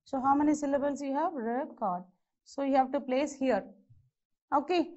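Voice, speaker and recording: High-voiced woman teaching. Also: steady tone, a little fast, mellow, lo-fi sound. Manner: patient, repetitive step-by-step explaining with "okay" and "so". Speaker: English teacher. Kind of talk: exam-prep grammar lesson.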